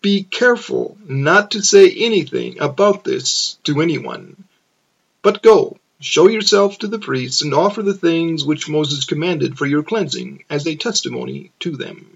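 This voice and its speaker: A man reading the lines of a calm, authoritative male teacher and healer in a measured, steady way. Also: fairly high pitch, gravelly, breathy edge, dull audio. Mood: solemn. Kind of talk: dramatized scripture reading.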